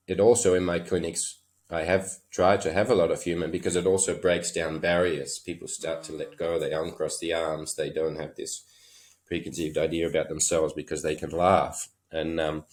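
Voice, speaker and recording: A man's voice: low voice, a little mellow. An Australian man, a horse trainer and podcast guest, telling stories in a loose, chuckling way with lots of fillers. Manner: chuckling, loose anecdotal delivery with many fillers. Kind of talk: casual interview storytelling.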